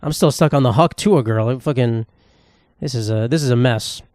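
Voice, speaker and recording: A man's voice: medium pitch, moderate pace, darkish tone, dry recording, studio quality. A young man, hosting a solo comedy podcast in a profane, sarcastic, rambling rant. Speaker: podcast host.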